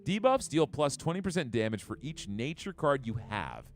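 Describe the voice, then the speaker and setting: A man's voice: medium pitch, sing-song, moderate pace. A man streaming a game live, chatting casually with his chat and reading out card effects. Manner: chatty, upbeat, reads chat. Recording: faint background music.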